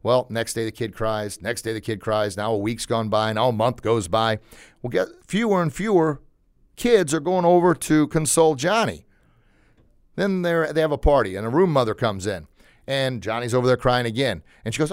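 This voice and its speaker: A man's voice: medium pitch, a little fast, smooth, no echo. Man, motivational podcast host, emphatic coaching delivery, repeats lines for punch, dry close sound. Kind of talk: motivational talk.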